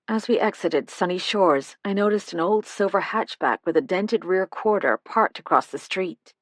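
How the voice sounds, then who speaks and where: A woman reading a first-person mystery novel aloud in a measured, even storytelling manner, close to the mic. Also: fairly low pitch, dry recording. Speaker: audiobook narrator. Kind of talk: scripted first-person narration.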